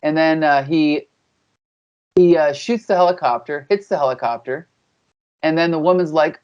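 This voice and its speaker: A man co-hosting a casual podcast chat, recapping a comic in a halting way, with many fillers and "and then"s. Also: fairly high pitch, darkish tone, clean tone, lo-fi sound. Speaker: podcast co-host.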